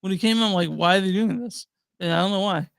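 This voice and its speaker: A man co-hosts a movie podcast, giving his opinions in a rambling, halting way with lots of fillers. His voice is high for a man. The sound is close and dry with no room echo. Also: gravelly, fairly bright tone, clean tone. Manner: rambling, hesitant, many fillers and restarts. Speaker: podcast co-host reviewing movies. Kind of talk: casual chat.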